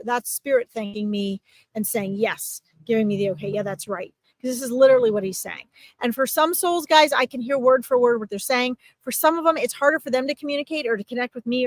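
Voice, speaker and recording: A woman's voice: a little high, a bit bright, no room sound, rough recording. A woman working as a psychic medium in a live-streamed reading, talking in a chatty, reassuring way and often checking in with her listener. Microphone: streaming mic.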